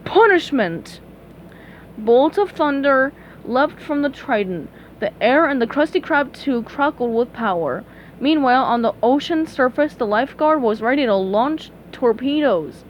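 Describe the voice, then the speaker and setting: A woman's voice: sits high, expressive, normal speed, lo-fi sound, a little hiss or hum. A young woman reading a storybook aloud steadily and fixing small slips as she goes. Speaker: reader.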